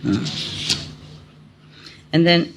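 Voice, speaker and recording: A woman's voice: very slow, muffled recording, slight background noise. A middle-aged woman giving an informal spiritual talk, chatty and laughing often as she tells stories in simple non-native English. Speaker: spiritual teacher.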